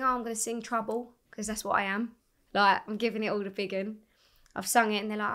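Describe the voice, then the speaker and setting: A young woman, a singer, telling her story in a casual interview, animated and swearing freely as she acts out what people said. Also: medium pitch, fast talker. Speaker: singer guest.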